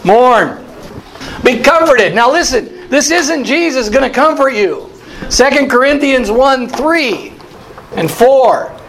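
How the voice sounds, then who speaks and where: A man's voice: extremely high pitch, expressive, slow pace, a bit bright, slight background noise, rough recording. A man teaching a Bible study as a pastor, asking his listeners questions and repeating key phrases. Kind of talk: interactive sermon.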